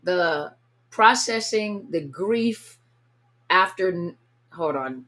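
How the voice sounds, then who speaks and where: A woman hosting a casual live stream, greeting viewers one by one and sounding a little tired. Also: fairly low pitch. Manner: warm, chatty, reads viewer names aloud. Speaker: livestream host greeting viewers. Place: at home, California.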